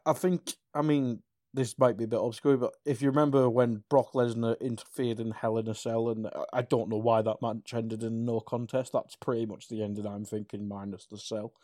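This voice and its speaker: A man's voice: mid-range voice, flat delivery, normal speed, mellow, dry recording, clean studio sound. A man co-hosting a wrestling podcast, talking casually with lots of ums, restarts and the odd swear. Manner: rambling, swears, trails off with ums. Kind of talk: casual chat.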